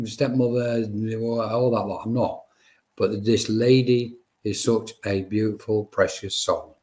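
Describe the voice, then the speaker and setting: A man's voice: on the low side, dark tone. A man working as a medium, giving chatty, reassuring live-stream readings and talking to viewers by name.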